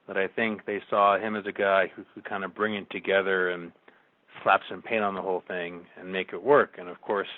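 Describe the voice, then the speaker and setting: A man's voice: lowish voice, no echo. A male newspaper reporter giving his analysis casually in an interview. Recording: dry, tinny phone line.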